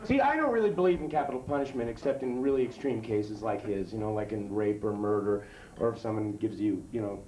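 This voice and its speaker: A man doing a profane stand-up routine on a club stage, swinging from high yelps to low mutters. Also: animated, fast, darkish tone, slight background noise. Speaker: stand-up comedian. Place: comedy club stage before live audience. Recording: echoey club with crowd laughter. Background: audience laughter.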